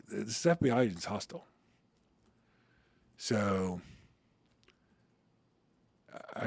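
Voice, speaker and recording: A man's voice: lowish voice, no room sound. A middle-aged man telling a story in an interview, acting out the dialogue and cussing casually. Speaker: interview guest.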